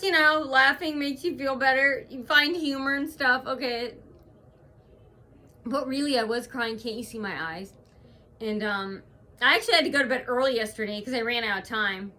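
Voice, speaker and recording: A woman's voice: high voice, moderate pace, bright, forceful tone. A woman vlogging at home, rambling through an aggrieved retelling full of hesitations. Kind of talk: casual to-camera vlog monologue.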